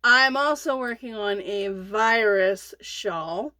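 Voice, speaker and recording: A woman's voice: mid-range voice, slow, pushed and bright, no echo. A middle-aged woman chatting casually about crochet on her channel, rambling with lots of fillers and restarts, a bit sleepy. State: sleepy, yawning. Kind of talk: casual crochet vlog chat.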